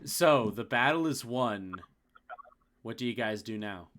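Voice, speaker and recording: A man narrating as game master for a tabletop game, describing scenes slowly and correcting himself now and then. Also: mid-range voice, expressive, background noise. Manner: slow, descriptive, with small self-corrections.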